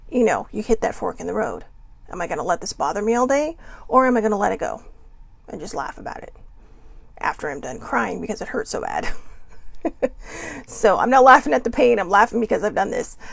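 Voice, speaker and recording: A woman's voice: a little high, creaky, dry recording. A woman hosting her own show, talking casually about emotions, chatty and self-deprecating, full of rhetorical questions. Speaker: host. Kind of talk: casual motivational talk.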